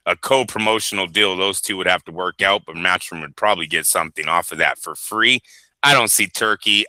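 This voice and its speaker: A man with a lowish voice and a very sharp, tense edge hosts a boxing chat, speaking in an animated and profane way. He rambles from one point to the next with plenty of fillers. The sound is dry and close, with no room in it. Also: no echo. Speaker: boxing show host. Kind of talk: casual chat.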